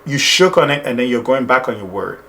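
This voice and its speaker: A man's voice: mid-range voice, lively intonation, a little fast, gravelly, sharp tone. A man hosting a reaction video, giving emphatic, scolding commentary and repeating his points.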